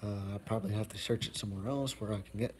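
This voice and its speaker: A man's voice: fairly low pitch, fairly even intonation, fast talker, darkish tone, slight background noise, low-quality recording. A young man chatting casually on a live stream at home, rambling with many fillers as he walks around. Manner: rambling, easygoing, full of fillers and asides.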